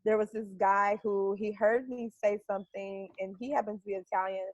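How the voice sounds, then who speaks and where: A woman's voice: mid-range voice, steady tone, normal speed, a little mellow, no room sound, lo-fi sound. A woman from Canada, a guest on an interview, telling stories chattily with lots of "like" and laughter. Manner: chatty, laughs often, uses "like" a lot. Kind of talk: casual storytelling.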